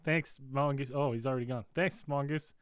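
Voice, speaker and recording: A man's voice: medium pitch, moderate pace. A man hosting a podcast, chatting casually with fillers and reading out the chat. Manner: laid-back, filler-heavy, reading chat. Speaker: podcast host.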